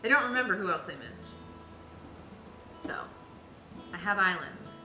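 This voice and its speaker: Bubbly and giggly, a young woman plays a video game on stream, reading out viewer comments and chatting casually with plenty of fillers. Her mid-range voice is animated, bright and forceful, moving a little slowly. The recording has a roomy echo with background music behind her.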